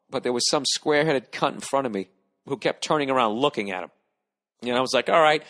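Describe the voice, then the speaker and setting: Man, middle-aged, American, podcast host, profane, animated comic storytelling. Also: medium pitch. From United States. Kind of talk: casual comedic monologue.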